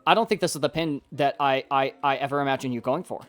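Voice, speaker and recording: A man giving casual live-stream coaching commentary on gameplay, excitable and rambling as he thinks aloud. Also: mid-range voice, fast, faint music behind. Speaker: game coach reviewing gameplay.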